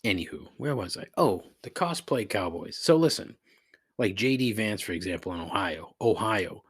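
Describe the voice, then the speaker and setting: Husky, sarcastic, swearing podcast man. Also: on the low side, animated, normal speed, dry recording. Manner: sarcastic, profane, exasperated. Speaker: podcast host. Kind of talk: casual solo podcast rant.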